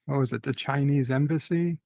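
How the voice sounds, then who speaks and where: A man chatting on a live stream as a guest, halting and searching for his words. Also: mid-range voice, creaky, dark tone, no room sound, poor audio. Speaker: co-host guest. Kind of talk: casual live-stream chat.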